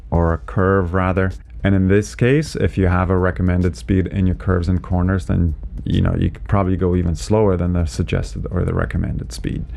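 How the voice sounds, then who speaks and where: A man who is a driving instructor, explaining winter driving in a relaxed, chatty way from inside his car, with lots of "you know" and "right?". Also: sits low, vocal fry. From Canada. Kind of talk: casual instructional commentary while driving.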